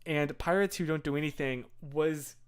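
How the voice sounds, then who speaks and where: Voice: medium pitch, moderate pace, smooth. A streamer in their thirties chatting casually on a live stream, reading chat and rambling with many fillers and restarts.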